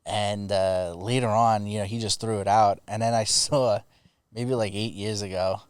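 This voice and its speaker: Male podcast host, lower register, loose anecdotal delivery with a laugh in it. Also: fairly even intonation, moderate pace, clean tone, no room sound. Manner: rambling storyteller, swears, laughs at own stories. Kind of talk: casual podcast chat. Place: studio in Los Angeles.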